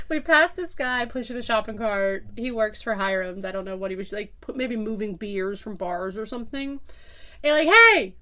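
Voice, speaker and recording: A woman with a high, bright-sounding voice co-hosts a podcast in relaxed chat. She tells the story with energy, acts out what people said and breaks into laughs. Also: normal speed. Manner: animated, acts out quotes, laughs often. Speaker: podcast co-host.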